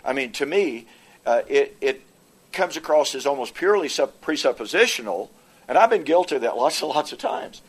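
A man with a voice of ordinary pitch presents his case in a formal debate. He talks haltingly, full of "uh"s and restarts as he works through his notes. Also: expressive, breathy edge. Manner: halting, frequent "uh" fillers and restarts. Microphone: presenter with projected notes.

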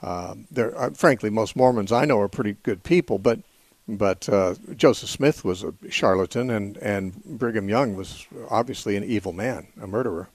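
A man hosting a call-in radio show, answering callers in a measured, thoughtful way with frequent fillers. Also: on the low side, darkish tone, no room sound. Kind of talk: call-in radio Bible teaching.

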